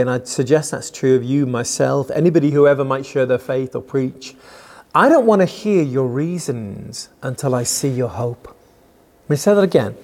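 Gravelly male pastor, casual devotional talk. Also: fairly high pitch. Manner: relaxed, conversational, retells movie scenes with acted quotes. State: a little tired. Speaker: pastor and worship leader.

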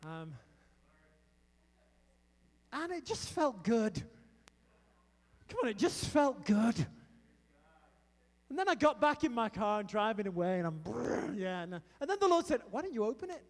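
A high-pitched man delivers a sermon, switching between hushed asides and loud, emphatic bursts as he tells a story. His voice rings out with a long reverb, as if filling a big church hall. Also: a little slow, pauses often. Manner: animated storytelling with emphatic outbursts. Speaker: preacher.

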